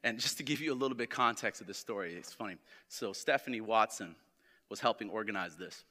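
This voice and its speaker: A man preaching a sermon to a congregation in a church. He reads scripture slowly and with emphasis, asks the congregation questions to draw them in, and speaks with open emotion. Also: on the low side, lively intonation, sharp tone. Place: church hall. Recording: long church reverb.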